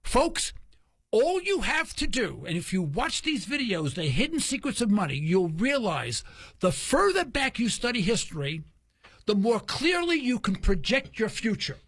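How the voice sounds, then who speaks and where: A man's voice: sits high, a little slow, husky, no echo. A man hosting a talk radio show, telling stories casually and acting out the voices of the people in them. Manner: animated storyteller, acts out quoted dialogue.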